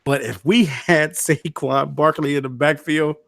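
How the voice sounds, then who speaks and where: A man co-hosting a casual sports podcast, blunt and quick with short interjections. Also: a little high, fairly even intonation, creaky, fairly bright tone, no echo, studio quality. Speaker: podcast co-host.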